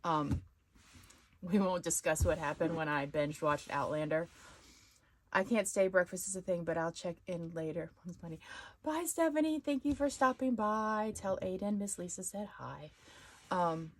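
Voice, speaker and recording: A woman's voice: lowish voice, lively intonation, moderate pace. Chatty woman rambling on a live stream. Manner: chatty and rambling, thinks out loud. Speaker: live-stream host of a sewing channel. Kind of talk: casual live-stream chat.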